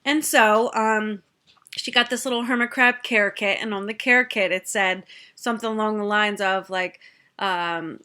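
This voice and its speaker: A woman's voice: mid-range voice, fairly even intonation, normal speed, bright, forceful tone. A young woman, a mother, chatting through a family story in a casual storytime, with plenty of fillers and acted-out quotes.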